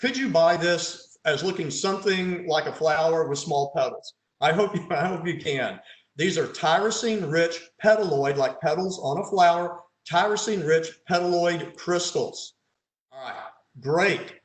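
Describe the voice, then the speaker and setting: A man's voice: on the high side, moderate pace. A man, a pathologist, leads an online case conference over slides, quizzing his audience and adding dry, sarcastic asides. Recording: roomy echo.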